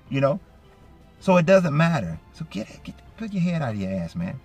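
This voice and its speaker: A man's voice: a little high, very animated, normal speed, darkish tone, slightly rough, faint music behind. A middle-aged man giving a blunt ranting monologue, packed with "you know" fillers. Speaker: vlogger.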